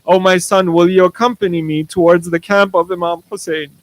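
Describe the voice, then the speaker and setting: A man's voice: high voice, fairly even intonation, brisk, dry recording, natural voice, low-quality recording. A man voicing a remorseful grown warrior general who pleads earnestly for forgiveness. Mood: pleading.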